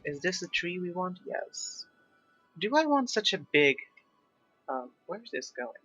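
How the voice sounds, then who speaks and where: Bright-voiced man with mixed British-American accent. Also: sits high, big pitch swings, a little slow, no echo. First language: not English. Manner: chatty, self-deprecating, thinking aloud. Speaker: gaming YouTuber. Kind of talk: casual gameplay commentary. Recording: slightly dull lo-fi mic, faint background music.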